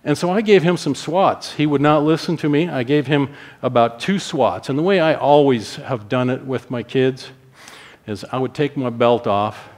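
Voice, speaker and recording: A middle-aged male pastor preaching to his congregation. He tells stories in an animated way and acts out what he said himself, with a voice of ordinary pitch for a man. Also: moderate pace. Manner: animated storytelling, acting out his own stern quotes. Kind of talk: sermon with personal storytelling.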